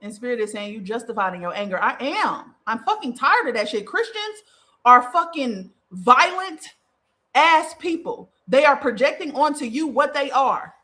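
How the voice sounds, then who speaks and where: A woman's voice: sits high, very animated, unhurried, pushed and bright. A woman podcast host giving a spiritual monologue, fiery and profane, repeating phrases for emphasis.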